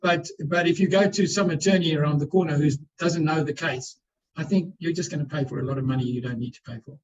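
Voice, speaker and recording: This webinar panellist, heard over a video call, speaks fast in a steady, higher-than-average voice. He explains things earnestly in response to questions, frequently repeating words when he restarts, and the sound is lo-fi.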